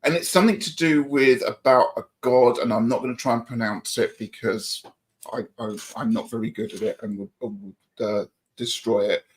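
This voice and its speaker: A man's voice: mid-range voice, steady tone, normal speed. A middle-aged man co-hosting a livestream, chatting casually and reading out viewer comments in an upbeat, friendly way. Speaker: livestream co-host.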